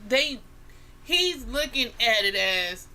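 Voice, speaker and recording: A woman co-hosting a casual talk radio show, animated and talking over the others with mild swearing. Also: on the high side, slow pace. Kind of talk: casual chat.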